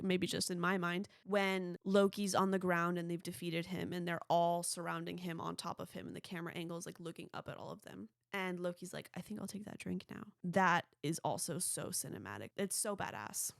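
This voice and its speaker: Chatty young woman with a gravelly voice. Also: on the low side, no room sound, studio quality. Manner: chatty, rambling, frequent "like". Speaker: podcast host. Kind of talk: casual solo movie podcast.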